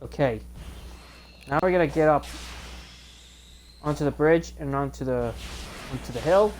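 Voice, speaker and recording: A woman giving casual game commentary as a video host, chatty and excitable, with rambling asides. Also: low-pitched, moderate pace, slight background noise.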